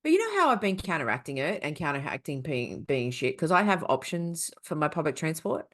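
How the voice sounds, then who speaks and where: A woman's voice: deep voice, sing-song, brisk. An Australian woman co-hosting a podcast, telling stories in casual chat, swearing freely and laughing often. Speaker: podcast co-host.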